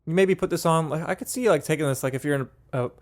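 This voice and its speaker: A man's voice: on the high side, very fast. A man co-hosting a music podcast in casual chat, hesitant with many restarts. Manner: hesitant, lots of ums and restarts. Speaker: podcast co-host.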